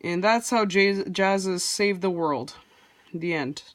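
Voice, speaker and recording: Casual art tutorial host, slow unhurried talk, dry close sound, rambling and self-deprecating. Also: medium pitch, a bit bright, no room sound. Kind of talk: casual drawing tutorial narration.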